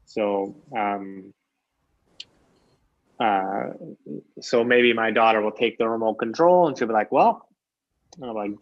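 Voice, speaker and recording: A man teaching English grammar in a relaxed, chatty way, full of fillers and restarts. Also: fairly low pitch, slow, long pauses. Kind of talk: casual teaching chat. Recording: dull lo-fi sound.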